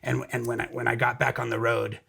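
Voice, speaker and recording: A middle-aged man, a musician guest, telling stories in a casual interview, profane and energetic with frequent restarts. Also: medium pitch, brisk, gravelly, husky.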